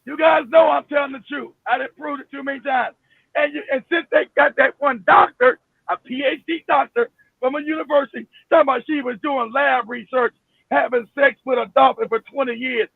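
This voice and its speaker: A man hosting a live stream, ranting with emphasis and profanity, often shouting and repeating himself. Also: very high voice, a little fast, vocal fry, dry recording. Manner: repeats himself, many restarts. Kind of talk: heated live-stream rant. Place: home in Florida. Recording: phone-like, dry, narrow sound.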